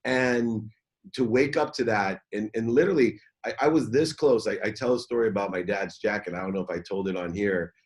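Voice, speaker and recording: A middle-aged man telling a personal story as an interview guest, candid and halting, often repeating words as he starts over. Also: fairly low pitch.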